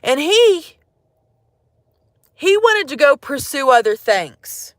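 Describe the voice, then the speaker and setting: A woman's voice: sits high, big pitch swings, slow, no echo, studio quality. Rambling, profane young woman livestreaming. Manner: rambling, profane, jokey, addresses viewers directly. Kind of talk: casual livestream chat. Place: outdoors in the woods.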